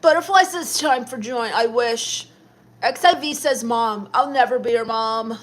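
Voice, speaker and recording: Deadpan high-voiced young woman. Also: measured pace. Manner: deadpan, dismissive, sarcastic. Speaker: livestream host reading viewer chat. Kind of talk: in-character comedic livestream chat.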